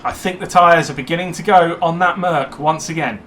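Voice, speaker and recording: A man giving live commentary on a sim race, chatty and excitable when cars overtake. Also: fairly high pitch, fairly quick, slight background noise.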